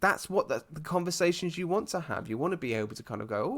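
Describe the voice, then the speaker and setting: A man from the UK co-hosting a casual podcast chat, talking in an animated, rambling way with restarts. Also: on the high side, quick pace, few pauses. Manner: animated, rambling, puts on voices and laughs often. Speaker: podcast co-host.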